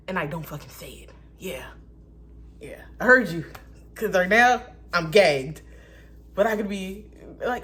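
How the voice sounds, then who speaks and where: Animated woman with blunt, profane asides. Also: medium pitch, brisk, a little hiss or hum. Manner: animated, swinging between loud outbursts and soft whispered asides. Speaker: vlogger. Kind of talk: casual spiritual musing.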